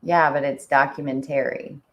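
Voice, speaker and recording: Casual female co-host with a very low voice; chatty, giggly, rambling. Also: level tone, normal speed, a bit bright, rough recording. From Indiana. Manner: chatty, laughs often, says "like" a lot. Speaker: podcast co-host. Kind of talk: casual chat.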